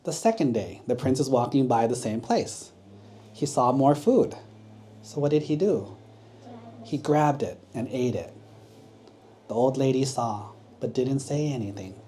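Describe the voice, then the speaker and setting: A monk gently tells a children's story in a mellow, soft voice. He keeps checking in with the kids, and his pitch sits in a middling range. Faint room ambience sits behind him in the temple hall. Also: animated, a little slow, long pauses, slight background noise. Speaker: Buddhist monk.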